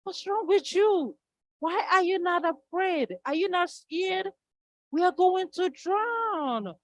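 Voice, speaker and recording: A woman's voice: sits high, a little slow, fairly bright tone, no room sound, lo-fi sound, voice pushed up. A woman voicing a frightened young wife in a children's story. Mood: panicked.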